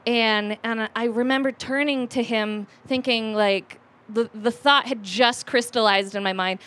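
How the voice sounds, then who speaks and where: A woman in her late twenties tells a personal story at a live storytelling event. Her voice sits a little high. She rambles and mocks herself, with plenty of fillers and restarts. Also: fairly even intonation, unhurried, a bit bright. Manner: rambling and self-mocking, with many fillers and restarts.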